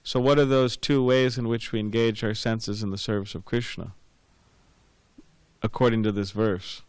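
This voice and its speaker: A man's voice: on the low side, steady tone, moderate pace, clean tone, no echo. A man giving a scripture class, rambling and repeating words with many fillers, telling anecdotes. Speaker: class speaker.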